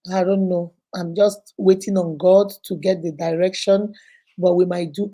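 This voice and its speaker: A Nigerian woman chatting on a livestream in a mellow, warm-toned voice. She talks effusively and repeats herself for emphasis. She greets her viewers one by one with affectionate names. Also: medium pitch, rough recording. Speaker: livestream host. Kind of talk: casual livestream chat.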